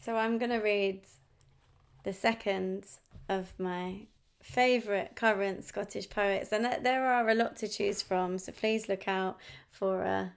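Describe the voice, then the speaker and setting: A woman's voice: medium pitch, steady tone, gravelly, clean tone. A woman poet with an English accent, reading poems aloud and introducing them in a reflective, casual way. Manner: reflective, unhurried delivery with casual asides. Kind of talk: poetry reading with chatty introductions.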